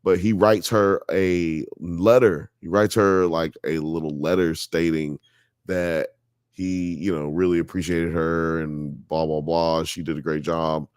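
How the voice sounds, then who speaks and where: Man, live show host, very low voice, dry close sound, casual rambling storytelling, emphatic bursts. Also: little pitch movement, unhurried, clear, resonant tone, no room sound. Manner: rambling storyteller, filler-heavy (you know, like, blah blah); gets worked up and emphatic. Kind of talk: casual live-stream chat.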